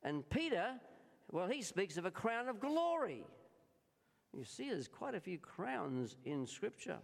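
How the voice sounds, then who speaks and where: An Australian man preaching a sermon, slow and deliberate, stressing key words and turning often to address the congregation. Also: sits high, big pitch swings, vocal fry. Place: church. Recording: reverberant church hall.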